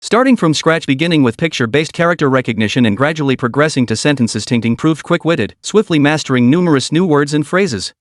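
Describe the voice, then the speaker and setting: A man reads a romance comic recap as scripted narration. His voice sits fairly high and moves with very lively intonation. The sound is dry and close. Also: fast, hardly any pauses, dry recording.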